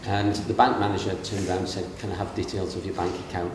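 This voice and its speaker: A man's voice: low-pitched, little pitch movement, fast. A middle-aged man from England giving a comic wedding speech from memory, telling stories and mimicking the voices of people in them. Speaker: wedding speaker giving the best man's speech. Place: large reception room at a castle wedding. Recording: distant and echoey, with room noise.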